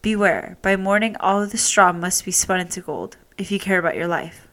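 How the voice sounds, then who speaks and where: A woman's voice: medium pitch, brisk, fairly bright tone, lightly acted. A woman voicing a stern, greedy king giving harsh orders in a storybook reading. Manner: stern, commanding.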